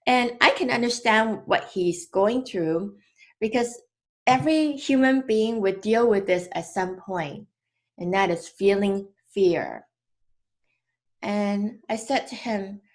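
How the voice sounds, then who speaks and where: A woman in her thirties gently telling a personal story about her young son, in a casual, unhurried way. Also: mid-range voice.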